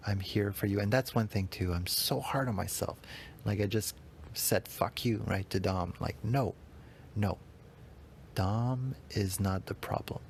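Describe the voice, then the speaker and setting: A man with a fairly low voice talks through his feelings in a loose, rambling monologue. He is heartfelt and searching, and at times he speaks to himself directly. A faint hum of noise sits under his voice. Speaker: podcast host. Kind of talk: emotional spoken reflection.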